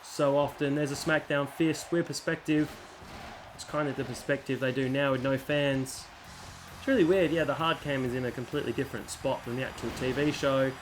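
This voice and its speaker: A man's voice: medium pitch, fairly even intonation, fairly quick, soft background music. A man giving casual, jokey commentary while playing a wrestling video game. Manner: chatty, jokey, mock announcer asides. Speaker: gaming channel host.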